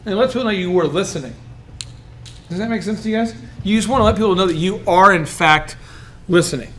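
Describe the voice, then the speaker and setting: A man coaching a room of business owners, animated and joking, often acting out the voices of people he describes. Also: sits high, brisk. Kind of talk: coaching workshop talk.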